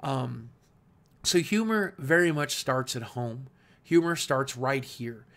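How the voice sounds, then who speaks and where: A man with a slight Southern accent speaks to camera in a mid-pitched voice, candid and earnest. He thinks aloud as he goes, restarting sentences and doubling words. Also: lively intonation, slow pace, fairly bright tone. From Southwest Virginia, USA. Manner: earnest, reflective, with frequent restarts and repeated words. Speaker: YouTube creator. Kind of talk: candid talking-head monologue.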